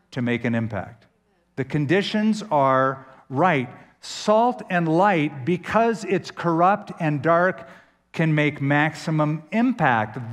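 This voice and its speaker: A man preaching a sermon as pastor, emphatic, with dramatic pauses and sudden swings in pitch. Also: big-room sound.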